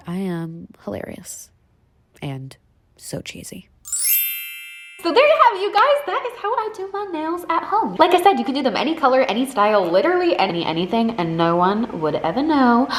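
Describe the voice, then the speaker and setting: A woman's voice: mid-range voice, a bit bright. A young woman beauty vlogger chatting casually through a tutorial, playful and bubbly, cracking self-mocking jokes. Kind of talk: casual tutorial chat with voice-over. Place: outdoors outside her apartment.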